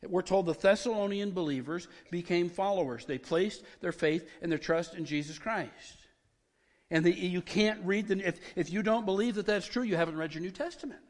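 Male pastor, sermon delivery, high voice, excitable, stumbles over repeats, long hall reverb. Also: normal speed. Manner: excitable, repeats words when worked up.

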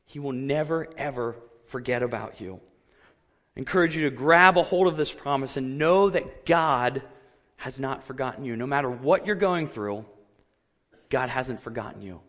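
A man preaching a sermon, earnest and measured, his voice rising when he quotes cries of anguish. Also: mid-range voice, a bit bright, big-room sound. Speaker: pastor.

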